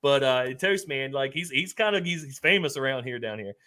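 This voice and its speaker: A man's voice: mid-range voice, expressive, fairly quick, pushed and bright. A man co-hosting a sports podcast, telling a casual story with lots of fillers, restarts and laughter. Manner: laid-back storyteller, laughs often, many fillers and restarts. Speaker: podcast co-host. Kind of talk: casual chat.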